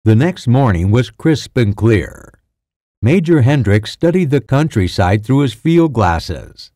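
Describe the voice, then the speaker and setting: A man reading an audiobook in a measured, deliberate narration. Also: mid-range voice, very animated, warm tone, no echo, studio quality.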